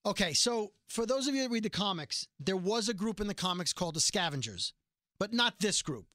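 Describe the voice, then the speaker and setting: A man's voice: sits high, a little fast, no room sound, clean studio sound. A man co-hosting a casual podcast, recapping episodes and acting out lines from scenes. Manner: animated storyteller, acts out quotes. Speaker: podcast co-host recapping a TV show. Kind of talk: casual chat.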